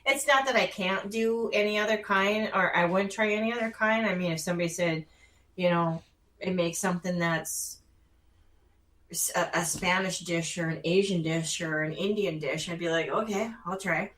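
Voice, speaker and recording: A woman guest chatting on a radio show, sounding set back from the microphone in a roomy space. She talks freely and often chimes in with short agreements while the host speaks. The room echo softens her voice. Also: lowish voice, normal speed, distant mic. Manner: chatty, frequent agreeing interjections. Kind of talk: casual radio chat.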